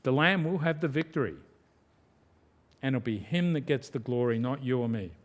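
A man's voice: mid-range voice, animated, moderate pace. A man preaching a sermon in a conversational style, acting out quotes. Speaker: pastor.

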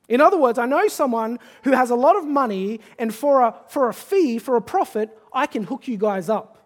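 An eager young man talks up a quick-money deal in a salesy sermon role-play, as a preacher acts him out. The pitch is louder and slightly raised. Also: expressive. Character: scheming young man chasing a quick profit.

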